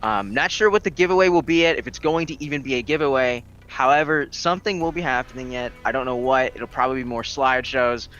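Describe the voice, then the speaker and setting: A man's voice: medium pitch, quick pace, hardly any pauses, fairly bright tone, muffled recording. A man co-hosting a gaming live stream, chatting casually and laughing a lot.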